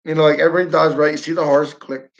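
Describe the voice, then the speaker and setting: A man's voice: a little high, flat delivery, quick pace, creaky. A man from Northern New York chatting casually to his viewers, rambling and chuckling as he tells a story. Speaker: live stream host. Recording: dull lo-fi audio.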